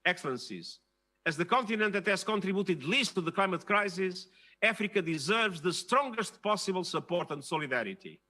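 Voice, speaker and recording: An older man delivers a formal prepared address in a high, bright and forceful voice. He speaks in a measured way and leans hard on key phrases. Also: lively intonation. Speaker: keynote speaker at a leaders' dialogue.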